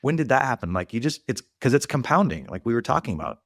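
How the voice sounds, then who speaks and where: A man's voice: medium pitch, big pitch swings, quick pace, a bit bright, no echo, clean studio sound. Candid man in his late thirties. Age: 30s. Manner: earnest, candid, reflective. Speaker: podcast host. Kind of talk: casual interview chat.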